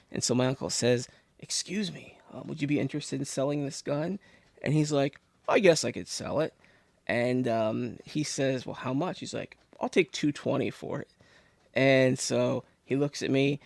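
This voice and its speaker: Pennsylvania guy rambling thru a story, gravelly voice, dry close mic. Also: mid-range voice, dry recording. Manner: rambling, animated storyteller with many restarts. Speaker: podcast guest. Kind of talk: casual storytelling.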